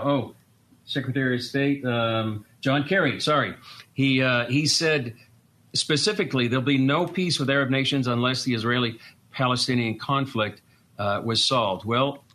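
Boston guy talking it through, bright tone, lots of uhs and restarts. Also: mid-range voice. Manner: earnest, explanatory, with frequent fillers and restarts. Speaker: guest commentator. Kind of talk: conversational discussion.

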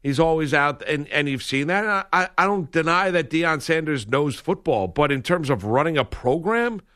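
A man co-hosting a sports talk show, talking in an animated, opinionated way with lots of emphasis. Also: a little high, moderate pace. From grew up a Washington football fan.

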